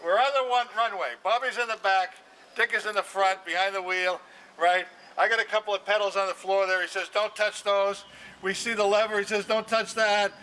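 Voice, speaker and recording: A man's voice: sits high, fairly even intonation, fast talker, sharp tone, distant mic, slight background noise, poor audio. An older man giving a jokey, chatty narration of a small-plane flight over his town. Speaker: show segment narrator.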